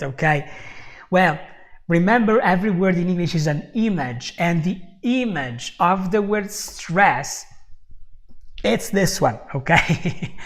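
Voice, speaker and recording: A man's voice: high voice, lively intonation, slow pace, a bit bright. A man teaching a live online English lesson, explaining patiently and checking in with "okay?" after almost every point, often laughing and answering viewers by name. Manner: addresses viewers' chat comments by name.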